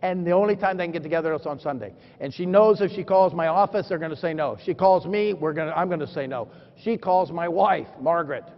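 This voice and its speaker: A man in his fifties with a high voice gives a motivational keynote from a stage, swinging from hushed asides to sudden shouts as he acts out his stories. The sound is dull and muffled, with a long reverb trailing through a big conference hall. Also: fairly quick. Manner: animated storytelling, acting out dialogue, sudden shouts. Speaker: motivational speaker.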